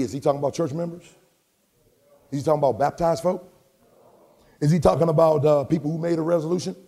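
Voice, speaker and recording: A man pastor preaching a sermon to his congregation, telling humorous stories and shouting for emphasis. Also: on the high side. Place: church sanctuary with congregation. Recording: long church reverb.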